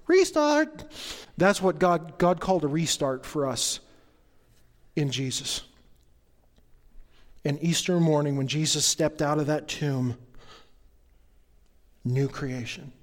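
A man preaching a sermon, joking with the congregation and building to excited energy. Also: on the high side, big-room sound. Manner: playful, jokey asides to the congregation. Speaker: pastor.

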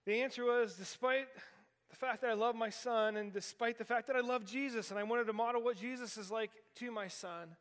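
Captured with long hall reverb in a church sanctuary, a pastor of about forty gives a sermon built around an honest personal story and self-deprecating jokes. He speaks a little fast in a very high, fairly bright voice with fairly even intonation.

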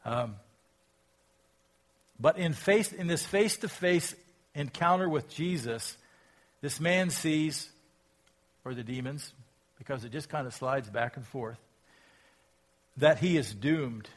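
A pastor preaching a sermon, reading scripture aloud and asking reflective, rhetorical questions. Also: male voice, a little high, expressive, takes it slowly, long pauses. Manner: reflective, asks rhetorical questions, rises in volume when quoting scripture.

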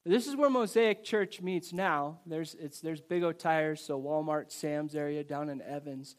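A man preaching a sermon to his congregation in a church service, telling personal stories in a lively, conversational way. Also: fairly high pitch, a little slow. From United States. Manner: conversational, animated storytelling preacher. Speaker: pastor.

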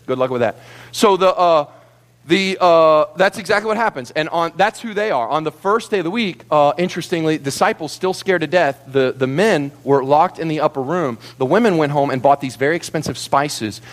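A man preaching a sermon to a congregation, telling the story in an animated, theatrical way. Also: fairly high pitch, a little fast. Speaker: pastor.

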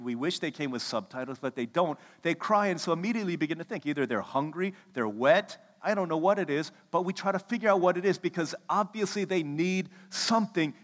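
A man in his thirties preaching a sermon, telling stories and acting out the quotes with lively energy. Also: medium pitch. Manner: animated storytelling, acts out quotes. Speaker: pastor. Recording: echoey hall reverb.

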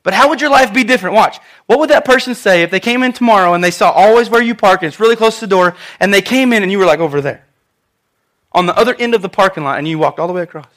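A man preaching a sermon in church, talking in an animated, conversational way with asides to the congregation. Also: sits high, quick pace. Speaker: pastor.

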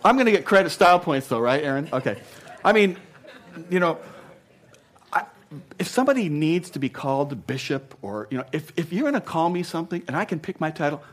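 A man preaching a sermon as pastor, playful and animated, swinging from loud asides to quiet earnest talk. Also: fairly high pitch, fairly quick.

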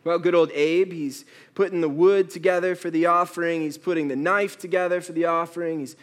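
A man's voice: a little high, fairly even intonation, a little fast. A male pastor preaching a sermon, telling stories with playful quoted asides.

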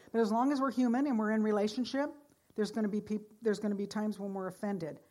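A woman pastor preaching a sermon, earnest, moving between loud exhortation and hushed storytelling. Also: mid-range voice.

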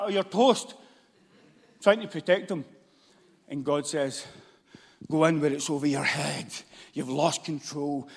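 A man with a Scottish accent preaching a sermon, moving between loud shouts and hushed, intense passages. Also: high voice. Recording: long hall reverb.

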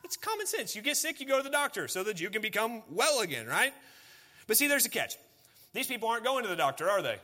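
A man's voice: high-pitched, very animated, fast, sharp tone. A man, preaching a sermon as pastor in a conversational way, full of rhetorical questions and folksy asides.

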